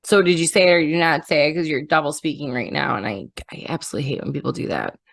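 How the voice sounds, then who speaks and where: A woman's voice: sits low, animated, fast talker, creaky, no echo. A woman chatting casually on a podcast, bluntly and indignantly retelling a confrontation, with swearing.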